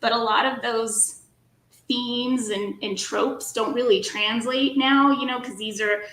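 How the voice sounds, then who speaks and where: A woman's voice: a little high, steady tone, a little slow, a bit bright, echoey room, poor audio. A woman guest author chatting casually in an interview, giggly and self-deprecating.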